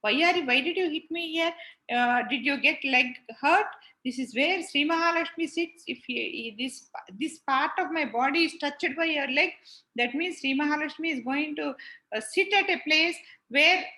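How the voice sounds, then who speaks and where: Woman reading out a gentle forgiving god guy, high bright voice. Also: normal speed, rough recording. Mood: gentle, humble. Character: calm forgiving male god, gentle and humble.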